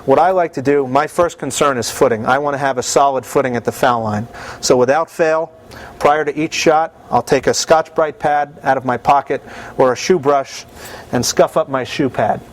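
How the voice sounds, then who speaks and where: Calm, methodical male bowler. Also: mid-range voice, normal speed. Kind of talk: explaining his own routine.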